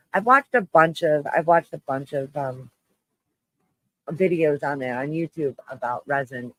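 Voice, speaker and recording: A man hosting a live stream, chatting with viewers in a low, shaky-voiced mood, halting and restarting as he rambles. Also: fairly bright tone, no room sound, poor audio. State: shaky voice, close to tears. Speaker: livestream host.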